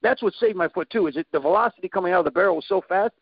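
A man telling a story in a casual chat, animated, acting out sound effects and quoted lines. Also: sits high, very fast, creaky, breathy edge, no room sound, highs cut off.

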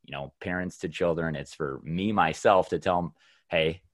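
A male podcast host with a very deep voice who talks enthusiastically and loosely, filling his questions with "like" and "you know". The sound is dry and close. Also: moderate pace, dry recording. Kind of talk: casual podcast conversation.

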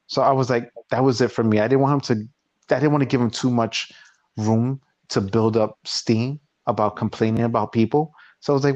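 A man's voice: medium pitch, brisk, darkish tone, no room sound. A man in his forties hosts a podcast and tells a personal story in a loose, casual way. He acts out both sides of an argument. The sound is dull and dry, like a lo-fi home recording. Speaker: podcast host. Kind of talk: casual chat.

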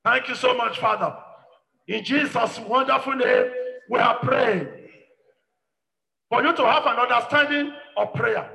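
High, bright-voiced pastor shouting prayers. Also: male voice, measured pace, gravelly, pauses often. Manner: shouted, repetitive commanding prayer. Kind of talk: sermon with fervent prayer. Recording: echoey hall with long reverb.

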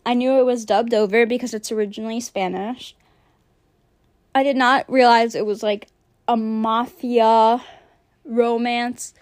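A young woman with a fairly high-pitched voice chats casually in a monthly review of movies and shows, recorded with no room sound. She rambles, speaks bluntly, and uses lots of fillers.

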